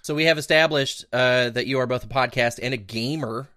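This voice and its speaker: A man hosting a podcast, chatting casually, lively and laughing often with loose swearing. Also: medium pitch, brisk, dry recording, studio quality. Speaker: podcast host.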